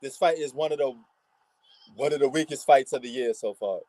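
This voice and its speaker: A man's voice: mid-range voice, a little fast, warm tone, no echo. A man from New York with a New York accent, giving slangy, laid-back live commentary on a boxing match as a stream host. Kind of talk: casual live fight commentary.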